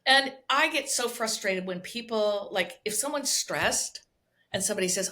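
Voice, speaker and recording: A woman's voice: a little high, lively intonation, moderate pace, sharp tone. A woman speaking as a guest somatic healer on a podcast, explaining expressively and checking in with frequent "right?" asides. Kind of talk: conversational podcast interview.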